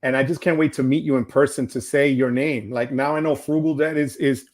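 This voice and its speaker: A man's voice: medium pitch, steady tone, fairly quick, a little mellow. Older male host, casual and emotional, rambles with restarts. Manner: heartfelt, rambling, with frequent restarts. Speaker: livestream host. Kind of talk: casual livestream chat.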